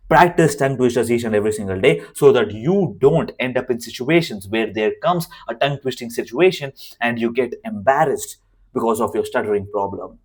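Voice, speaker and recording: A medium-pitched but hoarse and worn male voice belongs to a communication coach giving an unscripted lesson to camera. He is emphatic throughout, hammering his key phrases through repetition.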